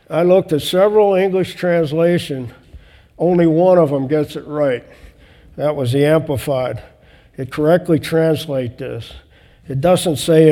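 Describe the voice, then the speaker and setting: A man's voice: a little high, fairly even intonation, measured pace, warm tone. A man teaching a conversational sermon, reading and explaining Bible verses with casual asides. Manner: conversational, with restarts and quoted scripture. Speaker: preacher. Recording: long hall reverb.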